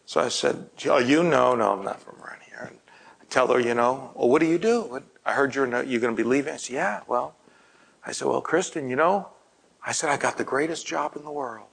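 A man preaching, telling a personal story and often dropping to a hushed, breathy near-whisper. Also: mid-range voice, brisk, poor audio. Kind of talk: storytelling sermon.

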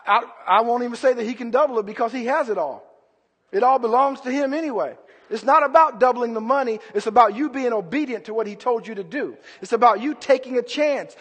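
A man preaching a sermon with passion, swinging between loud outbursts and low, quiet asides. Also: long reverb tail.

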